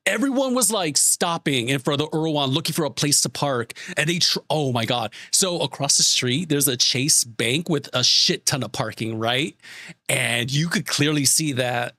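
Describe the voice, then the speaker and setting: A man's voice: a little high, normal speed, no echo, clean studio sound. A male streamer telling an exasperated, swearing story to his chat in a casual way. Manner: exasperated, swearing, animated retelling.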